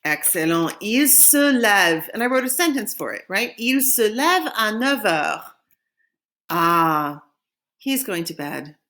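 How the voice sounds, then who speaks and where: Woman teaching French slowly. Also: mid-range voice, big pitch swings, bright, forceful tone. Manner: slow modeling of phrases for repetition. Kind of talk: recorded classroom lesson.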